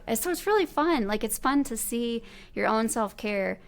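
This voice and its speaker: A woman's voice: on the high side, moderate pace. A woman in her thirties hosting a podcast, chatting casually and animatedly acting out what she and her kids say. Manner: animated, quotes her kids and herself aloud. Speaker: podcast host. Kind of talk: casual conversational interview.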